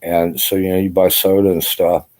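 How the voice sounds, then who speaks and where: A worn-out older man talks to his camera in a low, dark, mellow voice. He rambles loosely, swears often and leans on "you know" between every thought. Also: little pitch movement, normal speed. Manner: rambling, profane, full of "you know" fillers. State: exhausted. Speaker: army veteran vlogger. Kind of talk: casual rambling vlog monologue.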